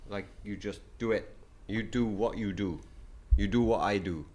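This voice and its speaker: A man chatting as a podcast guest, halting with many fillers, animated when telling stories. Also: fairly low pitch. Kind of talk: casual chat.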